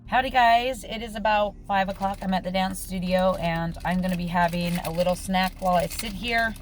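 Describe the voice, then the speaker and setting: A woman's voice: mid-range voice, steady tone, moderate pace, faint music behind. Chatty, breathless woman in her forties. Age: 40s. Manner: chatty, often a bit breathless. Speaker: vlogger. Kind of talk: casual food diary vlog. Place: various rooms and a dance studio.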